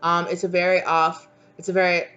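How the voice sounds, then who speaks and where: A woman's voice: lowish voice, completely flat delivery, fairly quick, a bit bright, lo-fi sound. A woman giving a casual, rambling channeled tarot reading, full of "like" and "okay". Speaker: tarot reader.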